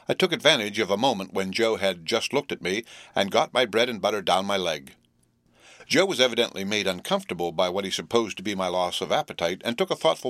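A man narrates a classic novel in a measured, expressive reading. His voice is low and the recording is dry, with no room sound. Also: no room sound. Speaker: audiobook narrator.

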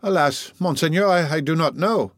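A terrified young woman under questioning, pleading in raised, higher cries, voiced by a male narrator. Her replies are short and desperate in a storybook reading, heard close and dry. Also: moderate pace, no echo, close to an everyday voice.

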